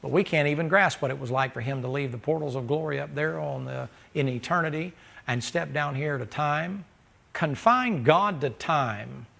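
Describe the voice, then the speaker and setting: A preacher with a gravelly, slightly high voice delivers a folksy sermon. He jokes with the congregation and breaks into loud bursts of laughter. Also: normal speed.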